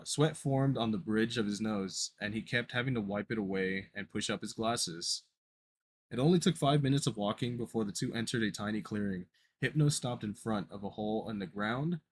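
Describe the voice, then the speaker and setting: A man's voice: lowish voice, breathy edge. A man casually reading a horror story aloud on a podcast, often tripping over words and correcting himself. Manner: stumbling, self-correcting reading. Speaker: podcast co-host reading a creepypasta.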